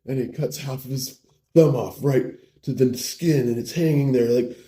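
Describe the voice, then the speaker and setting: A preacher telling a parable in a casual, slangy way, full of like and bro. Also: male voice, mid-range voice, normal speed, dark tone. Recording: roomy echo.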